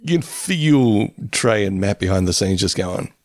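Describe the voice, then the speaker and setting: A man's voice: lowish voice, lively intonation, unhurried, no echo, studio quality. A man co-hosting a podcast, chatting casually and laughing often. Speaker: podcast co-host.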